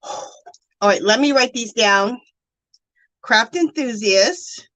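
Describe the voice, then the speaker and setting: Bubbly, animated woman live-streaming. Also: fairly high pitch, takes it slowly, no room sound, low-quality recording. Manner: bubbly, effusive thanks, counts aloud. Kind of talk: casual live-stream chat.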